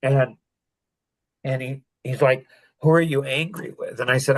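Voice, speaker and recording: An older man telling a painful personal story as a podcast guest, halting and full of restarts. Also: mid-range voice, steady tone, dry recording, rough recording. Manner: halting, emotional retelling with many restarts.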